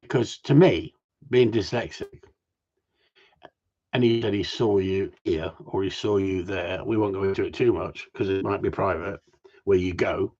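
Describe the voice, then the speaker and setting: A man hosting a gundog group chat teases and jokes crudely with friends, swearing freely and laughing often. His voice is deep and a little mellow at a moderate pace, and the lo-fi recording sounds dull.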